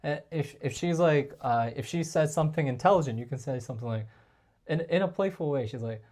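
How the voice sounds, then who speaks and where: A man coaching male viewers on dating in a casual, chatty talk to camera, often calling them guys and filling pauses with like and um. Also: fairly high pitch, darkish tone. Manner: chatty, addresses viewers as guys, frequent fillers.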